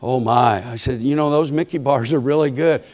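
A male preacher telling a humorous story from the pulpit, quiet and folksy one moment and loud and fired up the next. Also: medium pitch, moderate pace. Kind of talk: storytelling sermon.

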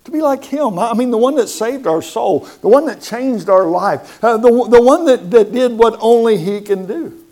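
A man's voice: very high-pitched, expressive, moderate pace, dark tone. A man preaching a sermon, emphatic and repeating words for stress, asking the congregation questions.

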